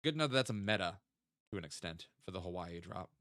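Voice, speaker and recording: A young man streams a geography guessing game, chatting, thinking aloud, and tossing in jokey asides. His deep voice is animated and fairly bright in tone, and he speaks quickly. The recording is dry and clean, with studio sound.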